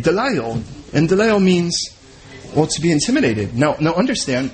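A man's voice: on the high side, sing-song, normal speed, a little mellow, a little hiss or hum, poor audio. A man preaching a sermon as pastor, in a conversational way and often repeating and restarting his words.

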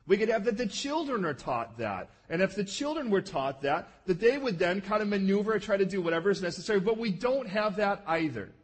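A man preaching with a high, husky voice. His pitch swings widely as he talks. He keeps asking if his listeners follow and briefly acts out the lines of the people he describes. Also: big pitch swings, fairly quick, few pauses. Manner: conversational, checks in with listeners, acts out quoted lines. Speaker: pastor. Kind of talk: sermon.

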